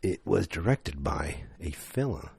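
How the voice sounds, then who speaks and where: Man, podcast host, casual rambling review, dark mellow tone, dry recording. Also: low-pitched, lively intonation, measured pace, vocal fry, husky, no echo. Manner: rambling, self-correcting, chatty. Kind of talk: casual movie review monologue.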